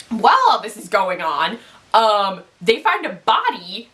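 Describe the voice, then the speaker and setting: A woman talks straight to her viewers in a quick, casual recap. Her voice is bright and forward, and she sounds excitable and chatty, full of little fillers. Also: medium pitch. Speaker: vlogger recapping a TV episode.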